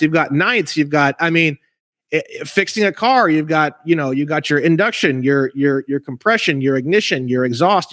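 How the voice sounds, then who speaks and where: A man's voice: a little high, fairly bright tone, no room sound, clean studio sound. A man ranting in casual conversation over a video call, emphatic, rambling and profane, as a guest legal researcher.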